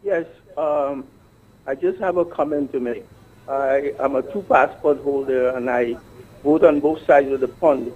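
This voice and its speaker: A man's voice: medium pitch, measured pace, husky. A male caller phoning in to a radio show with a blunt, emphatic comment. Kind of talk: phone-in comment. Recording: dull phone line.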